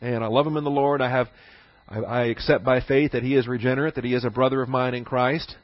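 Male Bible teacher, mid-pitched voice, deliberate and repetitive, dry close recording. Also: steady tone, no echo, dull audio. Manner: repeats key phrases for emphasis; poses rhetorical questions.

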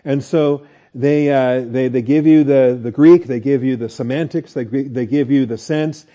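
A man's voice: mid-range voice, unhurried, mellow. A man teaching a Bible study lecture in a conversational way, asking the class questions and restarting his sentences.

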